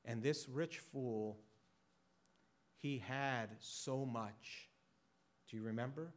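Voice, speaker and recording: A male pastor preaching a sermon, dramatic and shifting between loud and hushed. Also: medium pitch, takes it slowly, pauses often.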